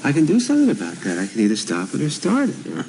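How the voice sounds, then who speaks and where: A man's voice: mid-range voice, wildly swooping pitch, very fast, vocal fry. An actor playing an anxious young husband earnestly pleading with his wife in a 1970s TV soap. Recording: noisy old TV audio.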